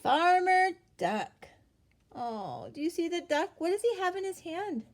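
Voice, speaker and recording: A woman reading a picture book aloud to children, pausing to ask them gentle questions. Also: very high voice, sing-song. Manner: gentle, asks the listener questions, gasps for effect.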